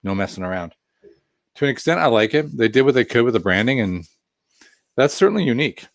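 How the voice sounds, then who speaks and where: A man's voice: mid-range voice, big pitch swings, fast, vocal fry, no echo, studio quality. A man casually reviewing a craft beer on a live stream, chatting in a rambling way with self-deprecating asides while reading viewer comments.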